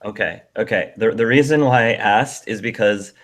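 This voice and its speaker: Male host of an online panel, low voice, casual and friendly. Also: normal speed. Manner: friendly, with frequent fillers.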